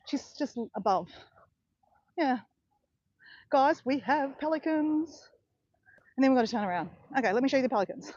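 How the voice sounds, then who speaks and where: Aussie lady rambling on a live beach walk, kinda high voice, dry dull phone sound. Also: lively intonation, moderate pace, long pauses, a little mellow, no room sound. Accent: Australian. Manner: chatty, rambling, self-correcting. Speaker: vlogger streaming live. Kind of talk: casual live-stream chat while walking. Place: outdoors on a beach.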